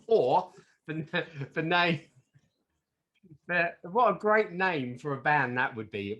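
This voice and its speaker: A man's voice: a little high, expressive, slow, pauses often, a bit bright. A man co-hosting a podcast, riffing playfully and slipping into mock voices. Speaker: podcast co-host. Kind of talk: casual chat.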